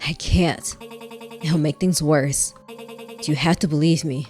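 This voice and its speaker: Breathless young woman in danger, played by a woman, pleading urgently; low, pushed voice. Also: steady tone, takes it slowly, a little mellow, soft background music.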